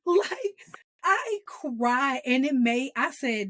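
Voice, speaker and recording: High-voiced animated woman host. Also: extremely slow. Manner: animated, laughing, acts out quotes. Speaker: podcast host. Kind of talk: casual TV review chat.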